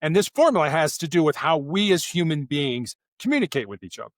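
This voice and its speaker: A man, a former SWAT officer, answering interview questions in an animated storytelling way and acting out quoted lines in voices. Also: on the high side, fairly quick, no echo, clean studio sound.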